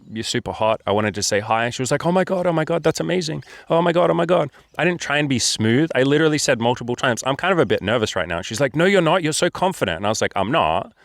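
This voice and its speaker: A man speaks in a blunt, candid, profane way, coaching listeners on dating in a casual monologue. His pitch sits in the ordinary middle for a man. The sound is dry and close, with no room echo. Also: a bit bright. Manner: blunt, profane and candid, acts out quoted dialogue. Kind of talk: casual straight-to-camera monologue.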